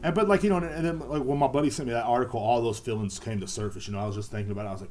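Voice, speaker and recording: A man's voice: mid-range voice, very fast, hardly any pauses, a little mellow, slight background noise. A man hosting a podcast, rambling casually with lots of profanity and repetition. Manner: profane, repetitive, laid-back. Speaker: podcast host.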